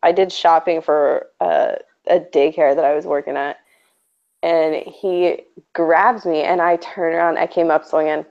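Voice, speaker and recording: Young woman, fast animated storyteller with a gravelly edge; dull lo-fi stream sound. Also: sits low. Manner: animated storytelling, lots of "like", giggly. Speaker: stream co-host. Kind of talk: casual chat.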